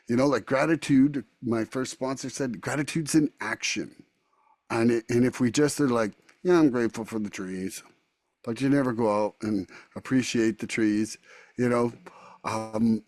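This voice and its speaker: A man hosting a recovery podcast, talking in a rambling, animated way. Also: mid-range voice, dry recording. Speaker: podcast host. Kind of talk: casual recovery podcast chat.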